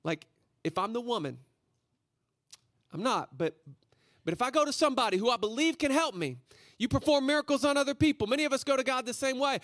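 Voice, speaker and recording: High-voiced man preaching casually. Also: a little fast, dry recording, clean studio sound. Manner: casual, energetic, slangy storytelling. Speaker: guest preacher. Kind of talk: conversational sermon.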